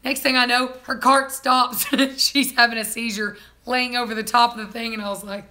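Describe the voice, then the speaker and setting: A young woman vlogging, casually telling family stories, animated and laughing. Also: on the high side, moderate pace. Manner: animated, laughing, mimics people in quotes. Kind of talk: casual storytelling chat.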